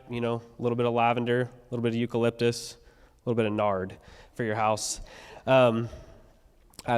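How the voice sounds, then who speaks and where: A man's voice: medium pitch, clear, resonant tone. Casual male pastor in a reverberant church. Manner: casual, animated storytelling. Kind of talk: storytelling sermon. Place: church sanctuary.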